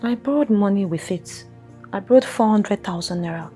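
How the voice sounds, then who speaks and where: An actress with a Nigerian accent playing a defiant, sharp-tongued young wife, given to mocking and dramatic outbursts in a film drama. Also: female voice, medium pitch, normal speed, faint music behind, close to an everyday voice.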